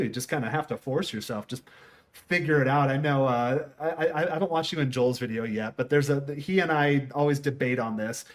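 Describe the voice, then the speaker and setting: Rambling middle-aged American man. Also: on the high side. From United States. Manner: rambling storyteller, quotes people in voices. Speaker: host. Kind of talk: casual conversation.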